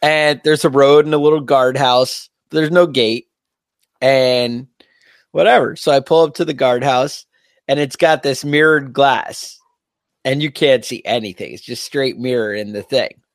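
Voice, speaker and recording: A man's voice: mid-range voice, measured pace, no room sound, clean studio sound. Profane, storytelling podcast co-host man. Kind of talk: casual chat.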